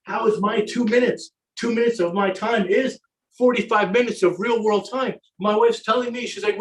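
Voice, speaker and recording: A man giving a conversational religious lecture, often asking "right?" and telling stories with lively energy. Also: sits high, normal speed. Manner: conversational, keeps asking "right?", retells a game excitedly. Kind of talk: animated religious lecture with storytelling. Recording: echoey hall, mic at a distance.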